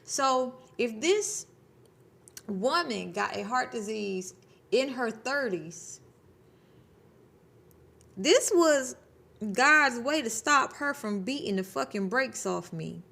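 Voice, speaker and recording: A woman's voice: fairly high pitch, lively intonation, slow, gravelly, pauses often, bright, forceful tone. A woman in her thirties talking casually to her viewers, blunt and preachy, swearing freely. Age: 30s. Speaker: spiritual channel host. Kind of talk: casual spiritual talk to camera.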